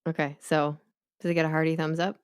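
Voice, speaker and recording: Low-voiced woman with a lisp, dry teasing podcast cohost, super dry close sound. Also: little pitch movement, a little fast, clean tone, dry recording. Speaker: podcast co-host. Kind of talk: casual chat.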